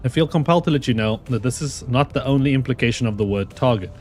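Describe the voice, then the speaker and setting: A man voicing a stiff, formal game character in a deliberately bad mock French accent, speaking flatly and slowly. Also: mid-range voice, faint music behind, natural voice. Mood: deadpan. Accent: French, put on. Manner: flat, formal, deliberately slow.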